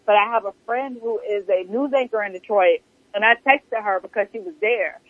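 A woman chatting casually, explaining in a measured way and repeating points for emphasis. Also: medium pitch, no echo. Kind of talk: casual podcast chat. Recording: dry tinny phone-line sound.

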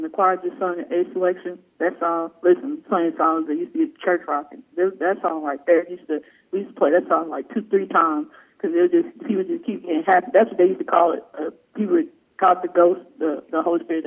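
A man's voice: high-pitched, fairly even intonation, brisk. A man co-hosting a radio show in casual joking chat, telling rambling stories with lots of laughter. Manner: rambling, laughing, playful storytelling. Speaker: radio co-host. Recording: tinny phone-like radio audio.

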